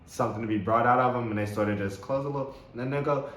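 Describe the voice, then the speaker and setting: A man's voice: mid-range voice, fairly even intonation, racing, hardly any pauses, fairly bright tone. A man hosting a spiritual self-help talk, speaking with enthusiasm, repeating words and laughing often. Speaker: host. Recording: roomy echo with faint background noise.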